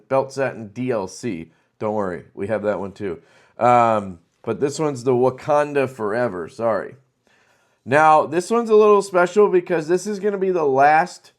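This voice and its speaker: Man, knife channel host, casual showcase talk, excited and chatty, mid-pitched voice. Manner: enthusiastic, loose and chatty with fillers.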